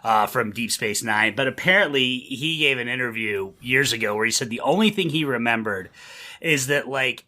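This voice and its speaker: A man's voice: medium pitch, normal speed, pushed and bright. An American man co-hosting a casual movie podcast, telling stories with wry amusement. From United States. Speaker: podcast co-host. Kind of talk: casual movie-review chat.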